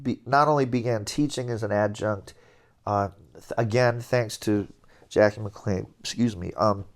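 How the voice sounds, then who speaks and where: A middle-aged man, an interview guest, telling stories about his career in a relaxed, animated way, chuckling now and then. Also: lowish voice, measured pace. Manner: animated anecdotes, chuckling, scatting melodies. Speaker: interview guest, jazz trombonist. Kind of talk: relaxed storytelling.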